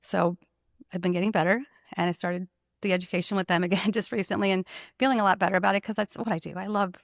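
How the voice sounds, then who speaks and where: A woman who owns a salon, telling an emotional personal story in an animated, conversational way and laughing often. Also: mid-range voice, fast, vocal fry, dry recording, clean studio sound. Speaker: salon owner.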